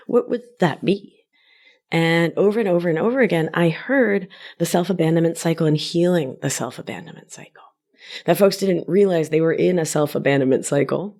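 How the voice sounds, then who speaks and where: Upbeat woman hosting a podcast, lower voice. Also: fairly quick. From Argentina. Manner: warm, upbeat and self-teasing, laughs easily. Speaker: podcast host and life coach. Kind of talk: solo podcast monologue.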